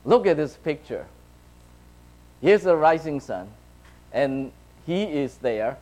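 A pastor's sermon to his church congregation comes through on a rough recording, his voice on the high side, expressive, and a little mellow. Taking it slowly, he talks conversationally, frequently checking in with "right?" and "okay?".

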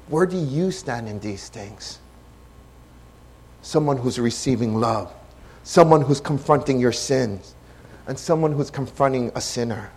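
A man preaching a sermon as pastor, impassioned, shifting between hushed and loud delivery. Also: mid-range voice, slightly rough.

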